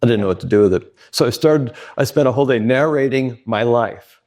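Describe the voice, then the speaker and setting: Gravelly-voiced man telling trail stories. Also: mid-range voice, a little fast. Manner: animated, laughing, candid storyteller. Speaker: guest. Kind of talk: casual interview storytelling.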